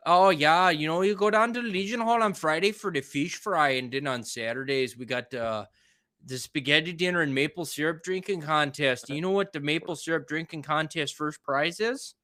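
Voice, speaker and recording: A man's voice: a little high, normal speed, pushed and bright. A man voicing a chatty, folksy rural local with a thick Wisconsin accent. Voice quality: thick drawling twang, chummy.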